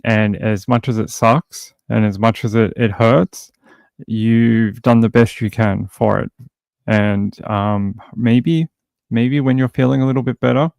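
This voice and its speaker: Gravelly Australian man chatting on a livestream. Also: medium pitch, darkish tone, dry recording. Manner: chatty, jokey, greets viewers by name. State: tired from insomnia. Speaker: livestream host. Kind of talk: casual livestream chat.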